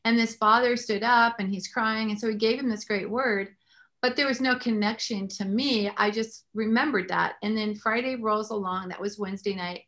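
A woman hosting a faith talk show, telling stories in an animated way and praying aloud. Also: on the high side, moderate pace. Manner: animated storyteller, prays aloud. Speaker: host.

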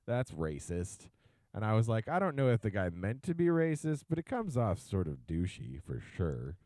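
A man co-hosting a podcast who jokes and swears freely in relaxed chat. His voice sits low but swings widely in pitch. The recording is dry and close-miked. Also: fairly quick, no echo. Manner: joking, animated, swears casually. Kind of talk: casual chat.

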